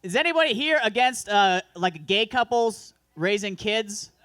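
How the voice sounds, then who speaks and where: A man's voice: high-pitched, lively intonation, unhurried, a bit bright, no room sound. A man performing a crude, self-deprecating stand-up set at an open mic, rambling through asides. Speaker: stand-up comedian. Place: comedy club open mic.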